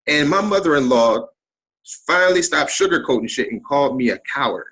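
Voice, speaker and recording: A middle-aged man, a guest on an interview podcast, telling a personal story in an animated way and acting out the people in it. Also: on the high side, a little fast, breathy edge, poor audio.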